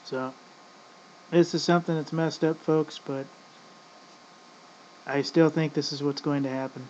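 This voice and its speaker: A man's voice: fairly high pitch, darkish tone. Rambling profane man, lo-fi audio. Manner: profane, rambling, keeps saying "folks". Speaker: vlogger. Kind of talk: casual ranting commentary. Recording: dull lo-fi audio with faint noise.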